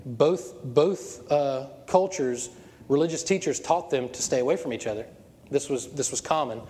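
A man preaching a sermon as pastor, telling stories in an animated way with frequent laughter. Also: mid-range voice, moderate pace. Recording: long hall reverb.

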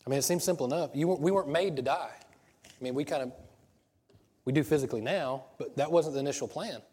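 A man's voice: on the high side, fast, mellow, slightly rough, in a large hall. A pastor preaching a sermon in a conversational way, asking rhetorical questions and restarting his sentences.

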